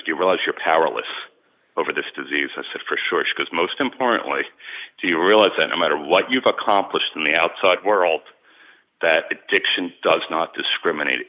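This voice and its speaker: A man's voice: rumbling low, highs cut off. A man, a sports and celebrity agent, candidly recounting his own story as a guest in an interview, earnest and repeating words when moved.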